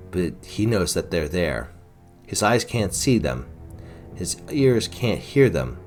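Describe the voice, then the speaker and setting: A man with a very low, deep voice narrates his role-play run of a fantasy video game. His pitch rises and falls lively as he retells what each character says. Faint game music sits behind him. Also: slow pace. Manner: retells characters' lines in first person, with fillers. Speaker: game player narrating a playthrough.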